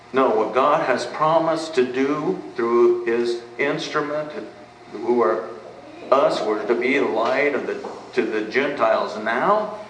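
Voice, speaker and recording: A man preaching a sermon as a pastor, emphatic and fond of asking questions and answering them himself. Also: mid-range voice. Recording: echoey room, mic at a distance, faint background noise.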